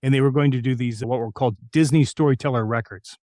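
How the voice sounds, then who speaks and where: An older man from New Mexico tells his career stories in an anecdotal, self-deprecating way. His voice sits at an ordinary middle pitch. It is recorded close and dry, with no room sound. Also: steady tone, fast, warm tone, dry recording. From New Mexico, United States. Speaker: voice actor guest. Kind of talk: storytelling interview.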